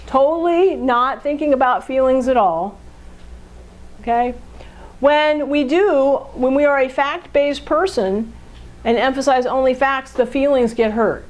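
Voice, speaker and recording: Her pitch sits fairly high on this rough recording. As a podcast co-host, she discusses relationship communication in a chatty way, checking in with rhetorical questions and performing partners' lines in a raised, animated voice.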